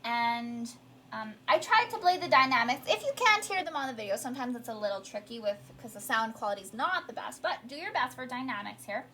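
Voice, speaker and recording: High-voiced patient piano teacher. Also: female voice, sing-song, brisk, pushed and bright. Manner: encouraging, patient, explains step by step. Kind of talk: online piano lesson.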